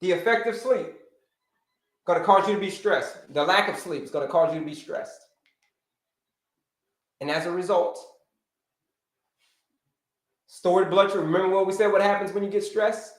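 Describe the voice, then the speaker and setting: A high-pitched American man leads a livestream health lesson at a moderate pace, pausing often. He's an energetic teacher who repeats his main points and greets people by name. His livestream setup sits in an echoey room.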